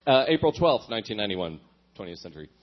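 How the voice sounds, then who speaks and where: A man's voice: lowish voice, very animated, fast talker, dull audio. A young man doing a comic reading of his teenage diary, with wry, self-mocking asides and frequent chuckles. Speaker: comedian reading his old diary aloud.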